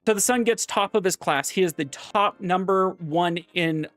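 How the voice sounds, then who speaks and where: A man on a stream telling a long shaggy-dog joke, rambling, correcting himself and filling pauses. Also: high-pitched, a bit bright, no room sound, faint music behind. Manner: rambling, full of fillers and self-corrections.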